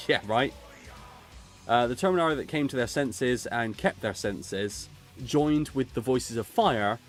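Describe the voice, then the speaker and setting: A man from Gloucester, streaming and chatting in a sweary, rambling way. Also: medium pitch. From England, Gloucester. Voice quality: sweary, rambling, laughs often. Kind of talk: casual chat while drawing.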